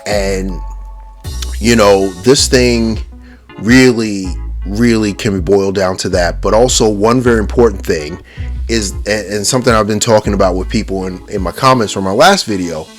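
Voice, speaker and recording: A man's voice: lowish voice, moderate pace, soft background music. A man talking casually to camera in a profane, mocking rant about toy collecting. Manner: profane, mocking, with lots of fillers and restarts.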